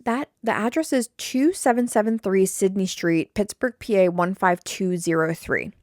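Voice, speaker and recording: Young woman, podcast host, casual chat, blunt, repetitive, mid pitch, dry close sound. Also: moderate pace, dry recording. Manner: chatty and blunt, with repeated words, swearing, and mock quotes. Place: home attic podcast studio.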